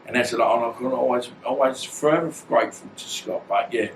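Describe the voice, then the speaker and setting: A man's voice: mid-range voice, fast talker, gravelly, slight background noise. A man, telling stories in a blunt, rambling, slangy way as an interview guest. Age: 50s. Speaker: guest, former boxer. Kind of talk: casual storytelling. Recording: roomy echo, distant mic, faint ambience.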